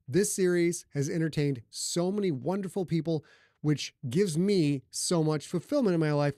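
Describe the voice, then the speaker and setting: Profane, animated male podcast host. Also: a little high, dry recording, clean studio sound. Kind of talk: casual podcast chat.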